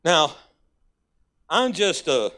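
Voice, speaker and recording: A man's voice: fairly high pitch, sing-song, drawn-out words, bright, forceful tone. A man with a Texas accent, a guest pastor preaching a folksy, conversational sermon in a church. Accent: Texan. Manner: folksy, conversational preaching with sudden emphatic rises.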